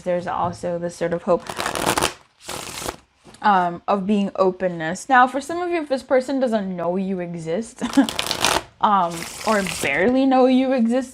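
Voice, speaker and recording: A woman's voice: medium pitch, slight background noise. A woman giving a casual tarot reading in a chatty, giggly, playful way. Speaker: tarot reader.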